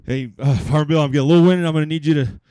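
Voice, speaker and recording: A man's voice: fairly high pitch, very fast, warm tone, smooth, no room sound, natural voice. A man voicing a matter-of-fact country vet in a comedy bit. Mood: breezy.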